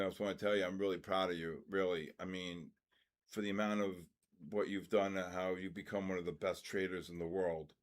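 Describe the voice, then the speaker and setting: An older man hosting a live trading session, telling personal stories and calling market moves with loud excitement. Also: low-pitched. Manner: storytelling, then loud excited market calls. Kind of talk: live trading stream chat and storytelling.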